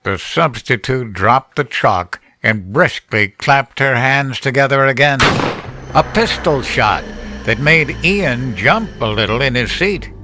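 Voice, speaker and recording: Slow, measured male horror narrator. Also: medium pitch, lively intonation, background noise. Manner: measured, deliberate storytelling. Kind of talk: scripted horror story narration. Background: music.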